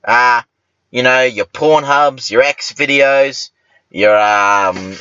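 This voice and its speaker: A man's voice: medium pitch, takes it slowly, sharp tone, clean tone, dry recording, highs cut off. A young man hosting a podcast, rambling and swearing constantly, now and then flaring into angry rants. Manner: foul-mouthed, rambling, flares into ranting. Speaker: podcast host. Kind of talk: crude comedic monologue.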